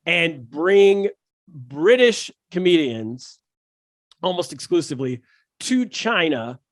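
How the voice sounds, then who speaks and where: A man, a stand-up comedian, telling animated, jokey stories as a podcast guest, with many restarts. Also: a little high, slow pace, dry recording, clean studio sound. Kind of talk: casual podcast storytelling.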